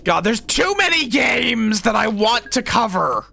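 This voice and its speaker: Animated man streaming a game. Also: extremely high pitch, unhurried, vocal fry, raised voice. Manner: animated, swears casually, talks to chat. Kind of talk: casual gameplay commentary.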